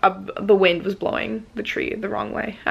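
A woman's voice: medium pitch, fairly even intonation, moderate pace, vocal fry, breathy edge. A woman in her twenties, vlogging in a casual confessional way, rambling with lots of "like" fillers, earnest and emotional. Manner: earnest and open.

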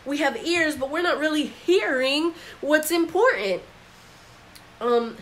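A woman's voice: high voice, lively intonation, slow, slight background noise, poor audio. A woman giving a casual Bible commentary, talking in a conversational way, filled with "like" and acted-out quotes. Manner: conversational, acts out quoted voices with frequent "like". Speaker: Bible teacher.

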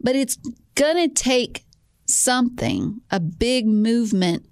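An earnest woman co-hosting a casual talk show, her voice a little higher than most and gravelly. She restarts her sentences and presses her points. The sound is dry and close. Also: expressive, slow pace, a little mellow, dry recording. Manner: earnest, restarts often, emphatic. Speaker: co-host.

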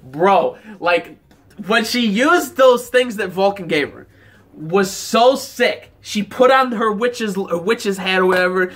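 A man with a fairly high-pitched voice gives a casual review of an episode. He rambles with enthusiasm, stops to search for words, and drops "like" into nearly every phrase. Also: takes it slowly, a bit bright. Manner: rambling, enthusiastic, heavy use of "like" fillers. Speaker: anime reaction reviewer.

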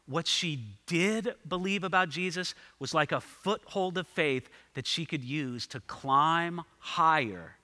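A male pastor preaches in a church sanctuary, his voice set high and ringing very bright, with a long reverb trailing each phrase. He drives his points home with emphatic, repeated parallel lines. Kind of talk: sermon.

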